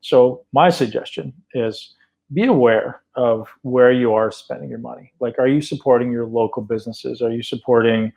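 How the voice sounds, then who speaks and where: An upbeat man hosts a podcast in relaxed conversation. His voice sits at an ordinary middle pitch, and he keeps checking in with his co-host as he talks. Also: normal speed, gravelly, poor audio. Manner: enthusiastic, repeats "right?" often.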